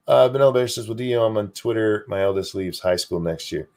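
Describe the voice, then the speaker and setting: A man's voice: on the low side, moderate pace, few pauses. An older man hosting a casual streamed talk show, swearing freely and joking about himself. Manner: profane, animated, self-deprecating. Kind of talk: casual chat.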